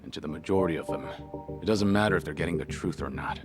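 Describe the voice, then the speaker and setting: A man voicing a serious, steady lead character in a crime video game, with music behind. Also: deep voice, quick pace, lightly acted.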